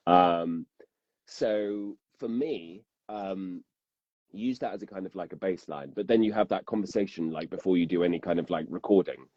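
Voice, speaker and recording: A deep-voiced man, a guest audiobook narrator, chats in a loose, self-deprecating way with lots of fillers. His call audio is dry and dull, with no room around it. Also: moderate pace, darkish tone, dry recording. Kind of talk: casual interview chat.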